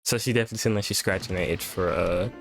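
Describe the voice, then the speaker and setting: A man's voice: low-pitched, racing, music in the background. A young man hosting a casual reaction video, rambling and profane, tired from staying up. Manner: rambling, profane, laid-back. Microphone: webcam setup at home.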